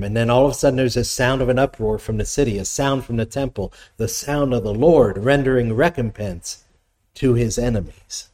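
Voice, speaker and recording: A man's voice: mid-range voice, a little fast, a little mellow. A man preaching a sermon, teaching in a conversational way, reading scripture aloud and putting questions to his listeners. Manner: reads scripture aloud between explanations. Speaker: pastor.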